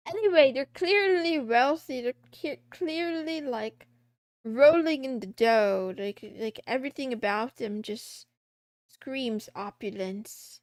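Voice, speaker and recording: A woman's voice: high-pitched, slow, no room sound, studio quality. A woman streamer chatting casually while she draws a comic, rambling, giggling and joking with herself.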